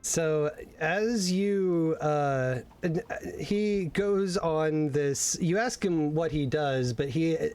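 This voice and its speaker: Man, game master, casual rambling narration, fairly high voice. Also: darkish tone, clear, resonant tone. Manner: rambling, many fillers and restarts.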